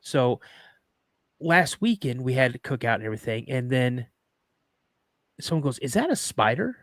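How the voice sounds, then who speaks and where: A man's voice: mid-range voice, big pitch swings, normal speed, fairly bright tone, dry recording, clean studio sound. A middle-aged man hosting a podcast, chatting casually with rambling jokes and reading a listener's story aloud. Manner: rambling, joking, restarts sentences. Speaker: podcast host.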